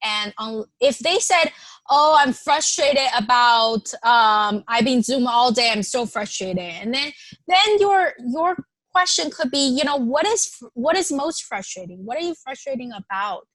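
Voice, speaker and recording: A woman presenter runs an online workshop in a conversational way, reading suggestions aloud and affirming each one. Her voice sits a little high. It is recorded dry and close, with no room sound. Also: animated, a little slow, fairly bright tone, dry recording. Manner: reads participants' suggestions aloud and affirms them; conversational, with frequent fillers and restarts.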